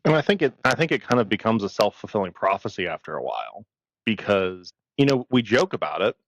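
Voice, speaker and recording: A man's voice: fairly low pitch, sing-song, a little fast, no echo. A man co-hosting a podcast about emergency medicine, speaking bluntly and with firm opinions, now and then swearing. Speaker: podcast co-host. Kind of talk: casual podcast conversation.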